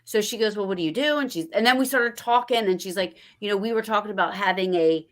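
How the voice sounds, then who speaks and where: A woman's voice: medium pitch, fast talker. A woman hosting a podcast, telling stories in casual chat and quoting people along the way. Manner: chatty storyteller, animated quoting of others. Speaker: podcast host.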